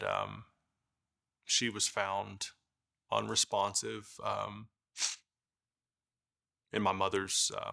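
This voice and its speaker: A middle-aged man giving a halting documentary interview, with many fillers and restarts. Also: lowish voice, creaky, pushed and bright. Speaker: brother of the deceased.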